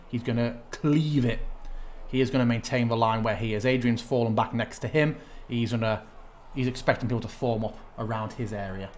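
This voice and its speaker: A man acts as game master for a tabletop game, narrating in a relaxed, thinking-aloud way as he sorts out rules. His voice sits at an ordinary pitch. A faint ambient hiss runs underneath.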